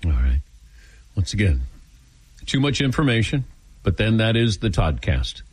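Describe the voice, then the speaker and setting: A middle-aged man hosting a sports radio talk show, lively and joking. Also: fairly low pitch, unhurried, slightly rough, no echo.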